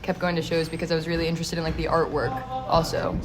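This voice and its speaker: A woman's voice: low-pitched, monotone, fast talker, loud music behind the voice. A young woman in a band, talking casually in a thoughtful, rambling way. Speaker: band member. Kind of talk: casual interview chat. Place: pizza shop.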